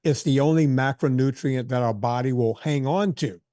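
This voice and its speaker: A man in his sixties, a fitness trainer telling stories in a casual interview, animated and full of quoted asides and restarts. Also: medium pitch, normal speed, no room sound, studio quality. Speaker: fitness trainer and podcast guest.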